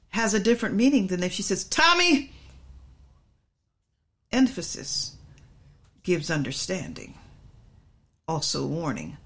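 A middle-aged woman preacher teaching a sermon, emphatic and repetitive, drawing out her stresses. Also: medium pitch.

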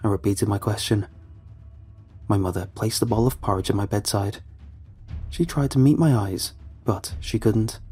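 A man reads a first-person horror story with measured, ominous pacing. His voice sits low and mellow, with a dark warmth. Faint music plays quietly behind him. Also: breathy edge. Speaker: narrator. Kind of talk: scripted horror narration.

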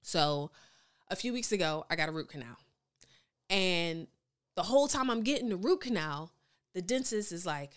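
A woman's voice: on the low side, lively intonation, normal speed, pauses often, smooth. A woman speaking as a podcast guest in a studio, chatting casually and candidly, with lots of slang, laughter and playful exaggeration, and reading out live comments.

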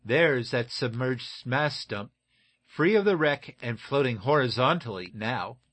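A man's voice: medium pitch, expressive, a little slow, a bit bright. A man voicing a confident, hearty male naval lieutenant with emphatic exclamations.

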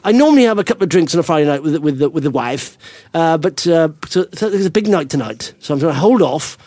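A middle-aged man hosting a podcast, chatting casually in an excitable, rambling way. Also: a little high, no echo. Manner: excitable, rambling, quick-fire. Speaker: podcast host. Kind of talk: casual investing podcast chat.

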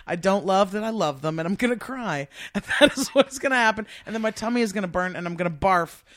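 A man co-hosting a podcast in casual chat, a lively storyteller. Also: high-pitched, fast talker, no room sound, studio quality. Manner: lively storyteller, mimics voices. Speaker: podcast co-host.

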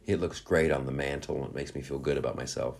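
A man giving a casual spoken monologue, animated and profane, who riffs in quick put-on voices. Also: rumbling low, gravelly.

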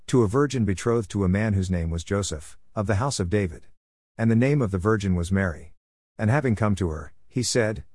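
A man giving a steady, formal scripture reading. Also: on the low side, no room sound, clean studio sound. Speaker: scripture reader.

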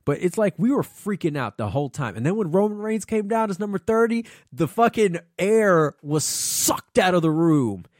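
A young man hosting a podcast, rambling in a casual solo monologue full of swearing and excited outbursts. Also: high-pitched, moderate pace, hardly any pauses, no echo, clean studio sound. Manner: profane, excitable rambling with laughs. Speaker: podcast host.

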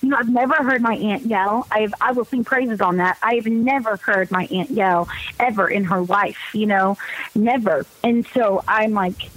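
A young adult woman, a guest in a casual interview, talking in an outgoing, animated way with lots of fillers. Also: medium pitch, moderate pace, no room sound, rough recording.

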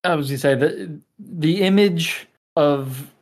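A man's voice: on the high side, a little slow. Joking man with stammered restarts. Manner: joking, stammers and repeats words. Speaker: podcast co-host. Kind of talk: casual movie chat.

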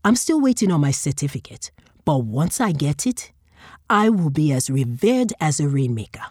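A woman's voice: deep voice, sing-song, moderate pace, a little mellow, husky, dry recording, clean studio sound, full character voice. A woman voicing a boastful male flesh worker who talks in a wheedling way.

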